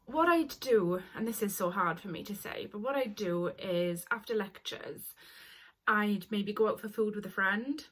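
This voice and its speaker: A woman's voice: mid-range voice, moderate pace. Emotional young woman vlogging. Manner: emotional, apologetic, earnest. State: tearful at times. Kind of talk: personal confessional story.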